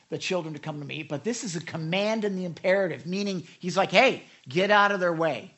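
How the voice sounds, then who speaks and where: A man preaching a sermon, telling a story and acting out quoted lines with a conversational, animated delivery and frequent asides to his listeners. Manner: animated storytelling, acts out quotes with raised pitch. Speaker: pastor.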